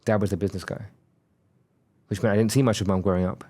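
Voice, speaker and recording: A man's voice: fairly low pitch, steady tone, fast talker, warm tone. A man in his thirties, a podcast guest, telling a candid, reflective personal story and acting out the dialogue he quotes.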